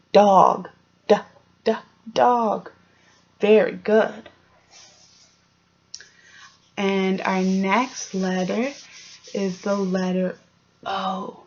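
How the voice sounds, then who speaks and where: A woman teacher giving a clear early-grade phonics lesson, sounding out letters and asking the children encouraging questions. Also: mid-range voice, dark tone, highs cut off. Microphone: home recording for online class.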